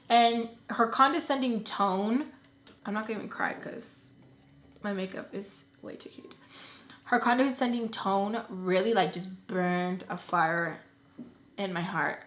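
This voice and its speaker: A young woman vlogger telling a personal story in a casual, animated, blunt way, swearing freely. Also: medium pitch, a little slow. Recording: echoey room.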